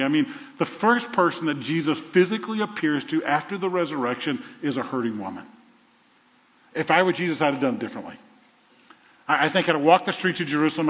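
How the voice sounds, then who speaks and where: A man preaching a sermon, dramatic and humorous, acting out the lines of people in the story. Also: mid-range voice. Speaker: pastor. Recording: dull sound with long hall reverb.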